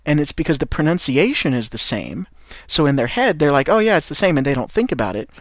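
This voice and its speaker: A man's voice: mid-range voice, very animated, a little fast, dry recording. Midwestern American male language teacher, encouraging pep-talk delivery, casual restarts, dry booth sound. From United States. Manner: encouraging, rambling, with frequent restarts. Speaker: English teacher and podcast host. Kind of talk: podcast lesson for French learners.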